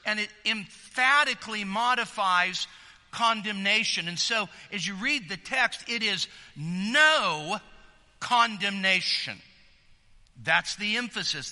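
Bright-voiced preacher in a reverberant hall. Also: male voice, sits high. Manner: earnest, emphatic, repeats words when building a point. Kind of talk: sermon.

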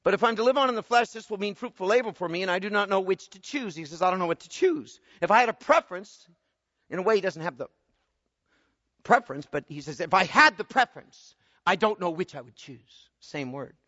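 A man preaching an expository sermon, swinging from quiet explaining to loud emphatic bursts. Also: high-pitched, lively intonation, brisk. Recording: muffled sound with long hall reverb.

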